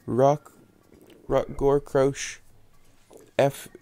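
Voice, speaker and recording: A man's voice: medium pitch, level tone, extremely slow, dark tone, smooth. A British man chatting playfully with viewers during a live game stream, teasing and joking as he talks. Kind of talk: casual live-stream chat.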